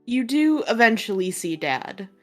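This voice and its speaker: A woman narrating a tabletop role-playing game as game master, unhurried and full of "like" and "uh" fillers. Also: fairly high pitch, big pitch swings, faint music behind.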